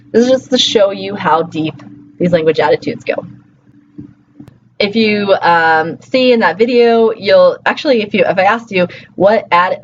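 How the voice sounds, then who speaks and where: A woman's voice: medium pitch, muffled recording, a little hiss or hum. A woman teaching a linguistics class in a conversational lecture style, often checking in with "okay" and "right.". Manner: conversational, frequent "okay" and "right" tag questions. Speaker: linguistics instructor. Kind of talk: recorded lecture.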